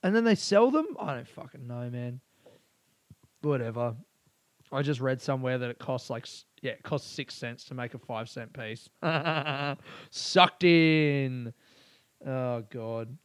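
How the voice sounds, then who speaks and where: A man's voice: medium pitch, slow pace, clean tone, dry recording. A young Australian man hosting his own podcast alone, rambling in a crude, profane, offhand way. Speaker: podcast host. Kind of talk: solo casual podcast monologue.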